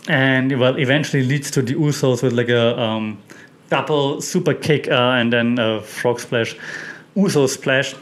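A man's voice: medium pitch, unhurried. A man hosting a casual wrestling recap, chatty and opinionated, with many fillers and restarts. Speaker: wrestling podcast host.

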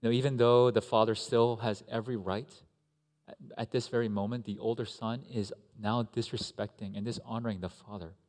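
A man pastor giving a conversational, animated sermon with asides to the congregation. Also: fairly low pitch, brisk. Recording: echoey hall.

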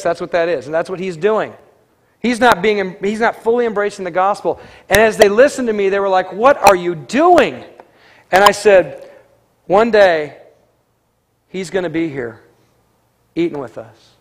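A man preaching in a conversational sermon, telling a story and acting out the dialogue. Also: high voice. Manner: conversational, animated, acts out quoted dialogue. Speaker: pastor.

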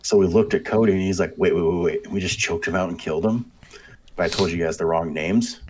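A man's voice: low voice, quick pace, a little mellow, a little hiss or hum. A man in casual chat recalling a game match, rambling and correcting himself.

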